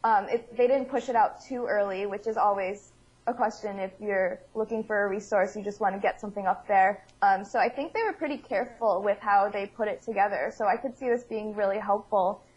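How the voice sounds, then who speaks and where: A woman speaks as a guest in an interview. Her voice is husky and a little breathy, and she sounds thoughtful and evaluative. The sound is dull and lo-fi, like a remote line. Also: mid-range voice, a little fast. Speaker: guest expert. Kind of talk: conversational interview.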